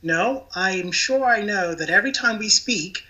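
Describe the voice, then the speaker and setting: A man's voice: high voice, lively intonation, a little slow, pushed and bright, exaggerated voice. A man voicing his brother-in-law on a phone call, a stubborn figure who argues back and insists he is right. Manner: stubborn, argumentative.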